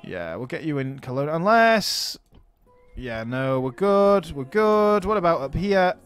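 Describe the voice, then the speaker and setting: A man's voice: fairly high pitch, big pitch swings, measured pace, clean tone, soft background music. Chatty man thinking aloud over a game. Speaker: let's play host. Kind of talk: casual strategy game commentary.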